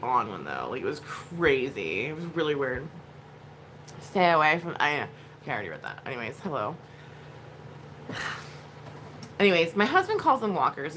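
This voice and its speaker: A woman's voice: deep voice, fairly bright tone, a little hiss or hum. A woman vlogging at home, telling a rambling story in a blunt, casual way with plenty of swearing. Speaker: vlogger, mother.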